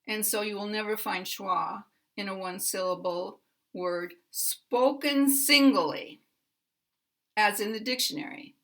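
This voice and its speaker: An American woman gives a pronunciation lesson at an unhurried, deliberate pace. Her voice is bright and clear, and she draws out key words to show how they are stressed. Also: mid-range voice. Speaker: pronunciation teacher.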